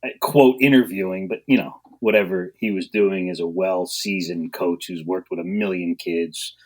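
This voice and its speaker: A man with a lowish voice talks as a podcast guest. He tells his coaching stories with a lot of life, acting out the people in them and laughing as he goes. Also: moderate pace. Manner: animated storyteller, acts out quotes, laughs often. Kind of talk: storytelling in a podcast interview.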